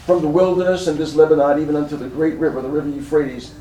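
A man's voice: on the high side, steady tone, fast talker, mellow, roomy sound, far from the mic, slight background noise, rough recording. A man preaching a sermon as pastor, building his points with emphasis and repetition.

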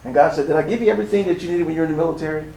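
A man's voice: a little high, racing, vocal fry, dark tone, reverberant, recorded from a distance, slight background noise, poor audio. A man preaching a sermon as pastor, building his points with emphasis and repetition.

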